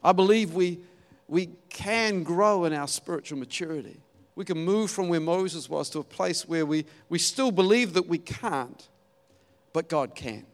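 A man preaching a sermon, telling the story in a lively way and acting out the quotes. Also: fairly high pitch, a little slow. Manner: animated storytelling with acted-out quotes and laughs.

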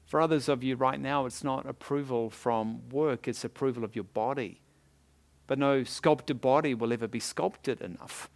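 Chuckling New pastor preaching. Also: male voice, mid-range voice, moderate pace, gravelly. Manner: lively storytelling with frequent chuckles and asides. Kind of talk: sermon.

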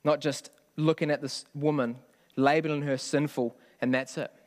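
A man's voice: a little high, fairly even intonation, moderate pace. A man preaching a sermon in a conversational way, often asking the congregation questions. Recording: long hall reverb.

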